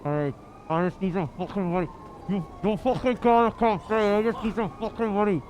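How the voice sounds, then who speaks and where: A threatening Welsh hard man, a man doing the voice spits curses and demands without letup. His voice comes through thick and muffled, as if cloth covers his mouth, and sits fairly high for a man. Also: fairly even intonation, a little fast, darkish tone, a little hiss or hum, lightly acted. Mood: menacing. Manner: threatening, swearing constantly. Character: aggressive foul-mouthed Welsh street tough, male.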